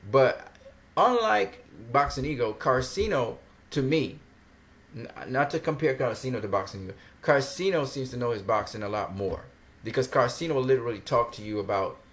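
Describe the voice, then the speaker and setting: A man's voice: mid-range voice, a bit bright. A man giving casual, emphatic commentary on boxing videos, often repeating himself. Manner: conversational, repetitive, emphatic.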